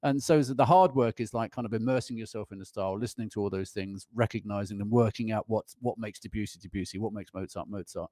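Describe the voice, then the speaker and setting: A man's voice: on the low side, fast, hardly any pauses, warm tone, dry recording, clean studio sound. A man talking animatedly at a concert, with frequent restarts and chuckles. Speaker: performing pianist and guest. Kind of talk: conversational interview on stage. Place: school concert hall.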